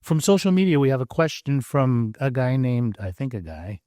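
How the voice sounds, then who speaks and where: A man hosting a podcast reads out listener questions and gives short, calm affirmations. His voice is mid-pitched. The sound is dry, with little room echo. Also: normal speed. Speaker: podcast host.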